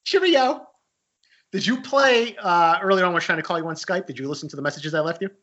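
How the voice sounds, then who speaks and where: Joking bright-voiced male podcast co-host. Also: fairly high pitch, expressive, fast talker. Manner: joking, profane, rambling. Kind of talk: casual podcast chat. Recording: dull lo-fi sound.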